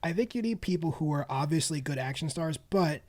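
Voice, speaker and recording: A man's voice: a little high, animated, brisk, darkish tone. A man co-hosting a movie podcast in casual chat, rambling and restarting his sentences, laughing easily. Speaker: podcast co-host.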